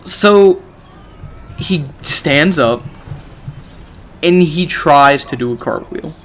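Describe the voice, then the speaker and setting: A man's voice: on the high side, animated, extremely slow, a little hiss or hum. A man from a gaming channel telling a story casually, rambling with lots of "you know" and "like".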